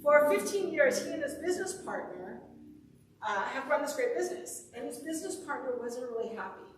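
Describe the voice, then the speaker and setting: High-voiced woman preaching in an echoey hall. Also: sing-song, a little fast, far from the mic, slight background noise. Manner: storytelling, conversational and upbeat. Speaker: minister. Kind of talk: sermon. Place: church sanctuary.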